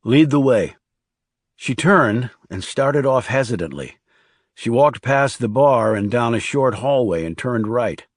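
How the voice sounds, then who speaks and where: A man narrating a crime thriller audiobook in a measured, even storytelling manner. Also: mid-range voice, no room sound, studio quality. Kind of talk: scripted narration.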